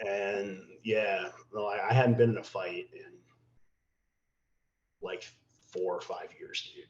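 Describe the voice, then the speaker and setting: A man's voice: lowish voice, takes it slowly. Guy telling a bar fight story on a podcast, swears a lot, acts out voices, roomy dull sound. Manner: animated, profane, acts out quotes. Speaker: podcast guest, bouncer. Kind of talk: casual storytelling.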